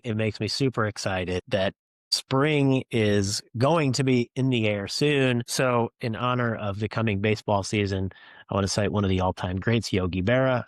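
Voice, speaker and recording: A male podcast host with a low voice, speaking earnestly and with upbeat emphasis. He sounds close and dry, recorded from his office with no room echo. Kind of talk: policy podcast discussion. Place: home office.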